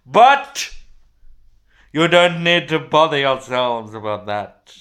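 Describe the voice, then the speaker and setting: A pompous posh guru who calls everyone darling, as a man puts him on. He speaks slowly and grandly in a smooth, plummy voice pitched a little high, often losing his thread mid-sentence. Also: animated, a bit bright. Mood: grandiose. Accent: posh English. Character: pompous posh self-styled male disability guru. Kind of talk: comic character monologue.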